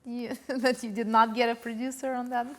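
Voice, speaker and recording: A woman hosting a casual interview podcast, asking questions in a relaxed, hesitant way with fillers. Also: a little high, moderate pace. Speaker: podcast host.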